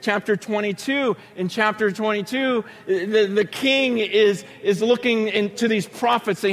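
A man preaching a sermon, telling stories with acted-out voices and sudden shouts. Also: high-pitched, a little slow, few pauses. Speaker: pastor.

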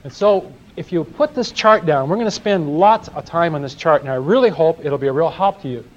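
A man's voice: a little high, a little fast. A man teaching a sermon, telling folksy stories and asking his audience questions. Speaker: Bible teacher. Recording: dull lo-fi live recording.

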